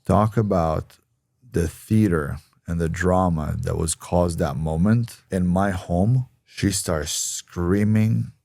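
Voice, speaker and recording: A man with a very deep voice recounts a personal story on a podcast, often jumping into a high mimicking voice to act out others. The sound is dry and close, with no room behind it. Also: slow pace, gravelly, no room sound. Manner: excitable, acts out others' lines in a high voice. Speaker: podcast guest telling his story.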